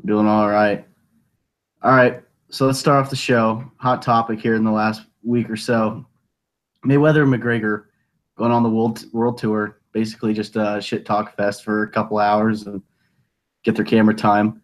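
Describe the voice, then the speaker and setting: A man's voice: lowish voice, flat delivery, normal speed. A man hosting a casual sports talk show from the US Midwest, rambling loosely with lots of fillers. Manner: laid-back, filler-heavy rambling. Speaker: host.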